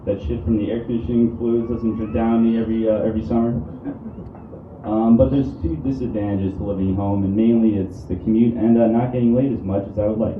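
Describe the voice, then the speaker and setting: A young man from the New doing a stand-up set in a comedy club, deadpan and halting, with many ums and restarts. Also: fairly low pitch, narrow, tinny audio. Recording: roomy club audio from a distant mic with room noise.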